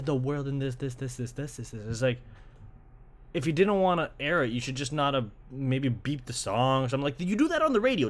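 A young man from Canada ranting casually about anime translations, full of "like" fillers and swearing, slipping into mocking voices. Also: mid-range voice. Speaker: anime fan. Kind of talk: casual rant.

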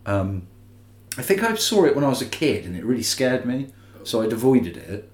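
A man's voice: mid-range voice, very animated, moderate pace, darkish tone. A man co-hosting a podcast in casual chat, chatty and rambling, with plenty of restarts. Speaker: podcast co-host. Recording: roomy echo.

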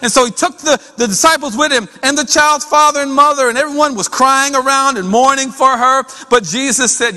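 A man preaching a sermon, animated, acting out voices with folksy asides. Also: very high voice, a little fast, few pauses. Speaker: pastor. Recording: long hall reverb.

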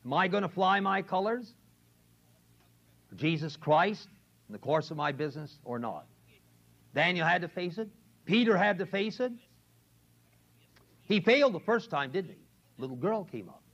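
A man's voice: high voice, very animated, normal speed, gravelly, long pauses, fairly bright tone. An older man preaching a sermon to a men's class, emphatic and repetitive, often asking his listeners "see?". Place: college classroom. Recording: lo-fi 1970s tape recording.

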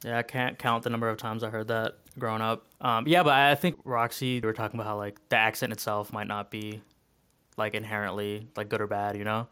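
A man in casual podcast chat, talking quickly with lots of fillers and strong feeling. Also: lowish voice, little pitch movement, bright, forceful tone, clear, resonant tone. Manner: rapid, heavy use of fillers, passionate. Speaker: podcast co-host.

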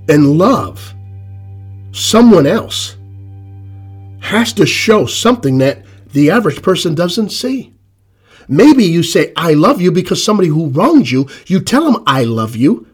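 A man preaching a sermon, emphatic and repetitive, swinging from loud rises to soft drops. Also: high-pitched, slightly rough.

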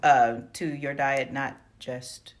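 A woman co-hosting a casual chat, telling stories in a chatty, animated way and laughing often. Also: very deep voice, slow.

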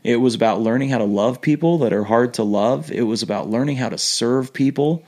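A man in a medium voice guests on a podcast and tells stories in a casual, animated way. He laughs often. He trips over and restarts his sentences as he goes. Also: mid-range voice, brisk. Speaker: podcast guest, former missionary. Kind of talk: casual storytelling interview.

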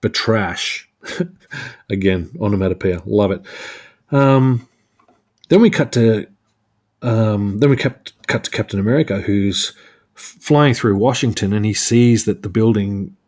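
A man's voice: on the low side, measured pace, long pauses, darkish tone. A man hosting a podcast, chatting through a comic book issue in a loose, self-mocking way and laughing at his own jokes. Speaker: podcast host. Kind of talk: casual comic book recap.

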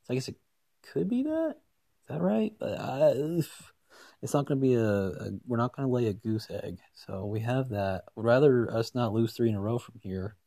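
A man hosting a solo sports podcast, talking in a rambling, excitable way with many restarts. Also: mid-range voice, normal speed, no echo, studio quality. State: hiccups. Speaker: podcast host.

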